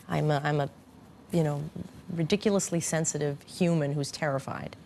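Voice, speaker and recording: A woman with a lowish voice recalls her time as a patient in an interview. She speaks candidly and haltingly, often restarting her sentences, with faint noise behind her. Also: fairly even intonation, dark tone. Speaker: former cancer patient. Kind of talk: reflective interview.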